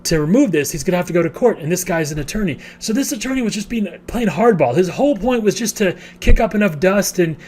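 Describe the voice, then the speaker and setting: A man with a fairly high speaking voice rambles through a real estate war story, restarting sentences and piling on fillers as he talks. Faint hum sits under the recording. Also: lively intonation, fast talker, hardly any pauses, a little mellow. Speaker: real estate investor and educator. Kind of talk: casual storytelling monologue.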